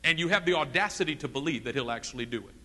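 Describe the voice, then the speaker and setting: A man delivering a sermon with a high, lively voice that swings widely in pitch. His tone is bright and forceful, and he acts out the voices of the people in his story. A long reverb hangs behind him as if he were in a large hall. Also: racing. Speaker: preacher.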